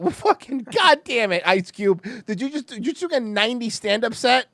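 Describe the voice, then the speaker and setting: A podcast host in casual, profane commentary on a show clip, animated and rambling, often laughing. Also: medium pitch, fairly quick, dry recording. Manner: animated, rambling, laughs a lot, swings loud and soft.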